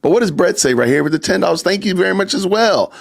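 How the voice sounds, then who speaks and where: A man's voice: sits high, expressive, fast, gravelly. A man hosting a casual live-stream podcast, chatty, reading viewer comments aloud. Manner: chatty, reads viewer super chats aloud, frequent laughs and asides. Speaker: podcast host.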